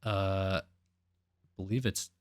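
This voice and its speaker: A man's voice: low voice, very slow, smooth, dry recording, clean studio sound. A man co-hosting a podcast in casual, crude chat, telling stories with acted-out quotes. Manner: animated storytelling with acted-out quotes. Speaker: podcast co-host.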